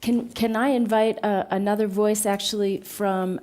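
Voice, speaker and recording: A woman moderating a dialogue, polite and brisk. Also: medium pitch, fairly even intonation, darkish tone.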